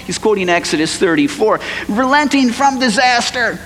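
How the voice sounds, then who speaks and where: A man preaching a sermon as pastor, animated, acting out the voices of biblical figures. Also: very high voice, moderate pace, hardly any pauses. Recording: long hall reverb, faint noise.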